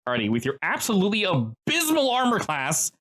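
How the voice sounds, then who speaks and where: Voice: medium pitch, a little fast. A game master narrating a tabletop game in a playful, joking way. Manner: playful, animated narration with jokey asides.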